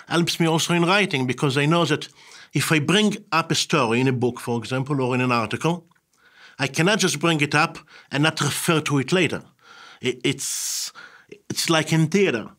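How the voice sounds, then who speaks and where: A man from Israel, a journalist and writer telling stories in an animated, theatrical way, repeating words as he goes. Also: on the high side. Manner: theatrical, acts out quoted voices, repeats himself. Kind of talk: animated storytelling talk.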